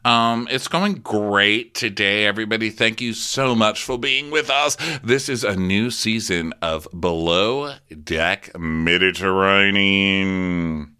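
Bright, crisp-voiced sarcastic male podcaster. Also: fairly low pitch, takes it slowly. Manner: wry, sarcastic, rambling. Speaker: podcast co-host. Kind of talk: casual podcast chat.

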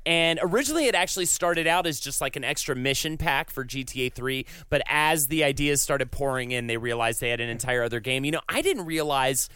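Smooth-voiced man telling a story. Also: mid-range voice, brisk, hardly any pauses, bright, forceful tone, no echo, clean studio sound. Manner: profane, storytelling, reads facts aloud. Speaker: podcast co-host. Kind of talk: casual chat.

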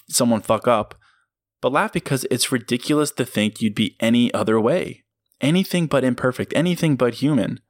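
A man's voice: on the low side, dry recording, clean studio sound. A man hosting a motivational solo podcast, talking earnestly and emphatically and breaking into laughs as he goes. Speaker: podcast host.

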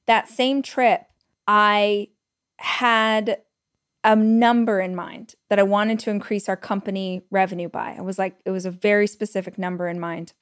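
A woman talks through her own stories on a solo podcast. She is chatty and animated, with her voice at a middling pitch. She scatters "like" through her sentences and acts out what she thought at the time. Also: normal speed. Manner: chatty and animated, with frequent "like" fillers; retells stories with quoted inner speech. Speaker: podcast host. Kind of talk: casual solo podcast storytelling.

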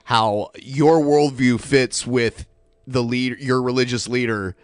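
A man's voice: medium pitch, fairly even intonation, slow pace, no room sound. A man co-hosting a casual podcast, explaining and correcting facts in a matter-of-fact way. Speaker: co-host.

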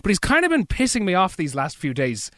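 A man's voice: high-pitched, wildly swooping pitch, a little fast, a bit bright. A man with an Irish accent, a podcast guest chatting casually, joking and rambling with frequent restarts. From Ireland. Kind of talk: casual chat.

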